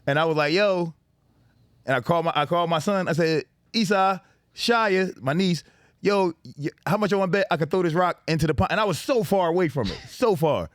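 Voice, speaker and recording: Animated, laughing man telling stories. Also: high voice, a little fast, dry recording, clean studio sound. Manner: animated, swears a lot, laughs often, acts out voices in stories. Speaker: podcast co-host. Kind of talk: casual storytelling chat.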